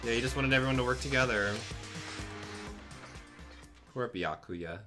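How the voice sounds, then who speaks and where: A man's voice: mid-range voice, moderate pace. A young man streaming a game live, joking, swearing and reading characters' lines aloud as casual commentary. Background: game music.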